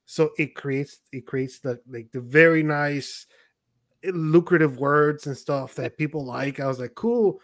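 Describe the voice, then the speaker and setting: A young man hosting a casual podcast chat, telling stories in an animated way and quoting himself and others. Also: fairly high pitch, a little slow, no room sound, clean studio sound. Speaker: podcast host.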